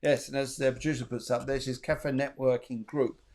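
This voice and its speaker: A man's voice: mid-range voice, little pitch movement, normal speed, a little mellow, slight background noise. A man hosting a spiritual talk show, chatting earnestly and repeating his key phrases for emphasis. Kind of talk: casual chat.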